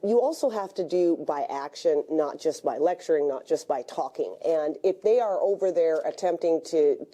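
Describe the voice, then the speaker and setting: A woman's voice: low-pitched, lively intonation, moderate pace, hardly any pauses, mellow. A woman commenting on a televised political panel, making her points assertively. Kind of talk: broadcast panel discussion.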